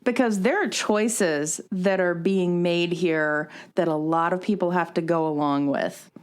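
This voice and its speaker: A woman co-hosting a podcast in casual chat, who reacts quickly and laughs often. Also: on the low side, clear, resonant tone. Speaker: podcast co-host.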